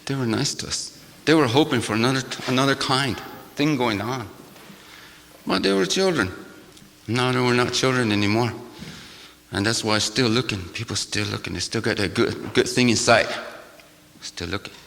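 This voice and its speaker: An older man, a shaman, giving a sermon-like talk to a gathering in a church, with a rhythmic, repetitive cadence that swings from loud to hushed and wry, laughing asides. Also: mid-range voice, normal speed, creaky, pauses often. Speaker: shaman speaker. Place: church hall. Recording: long hall reverb.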